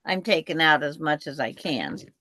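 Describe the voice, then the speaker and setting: A woman hosting a quilting livestream, chatting casually and calmly while she works. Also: low-pitched, no room sound. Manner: relaxed, chatty, drawn-out pace. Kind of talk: casual chat while crafting.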